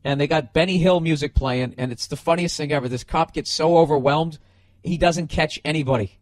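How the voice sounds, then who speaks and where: This middle-aged man hosts a podcast in a slightly high voice at a brisk pace, his storytelling and casual ranting loaded with swearing and loose restarts. He comes across as animated and profane, captured in clean studio sound without echo.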